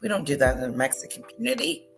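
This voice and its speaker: Low, gravelly woman dishing gossip. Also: big pitch swings, very fast, soft background music. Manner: scornful, storytelling about a feud. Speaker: commentary streamer. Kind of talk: gossipy reaction commentary.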